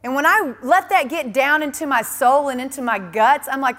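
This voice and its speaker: A woman's voice: high-pitched, normal speed, few pauses, a bit bright, big-room sound. A woman preaching a sermon in an earnest, emphatic way, often repeating key phrases.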